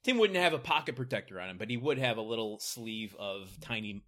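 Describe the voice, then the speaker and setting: A man's voice: mid-range voice, expressive, a little fast, fairly bright tone. A man co-hosting a podcast who runs the segments and laughs often in casual chat. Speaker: podcast co-host.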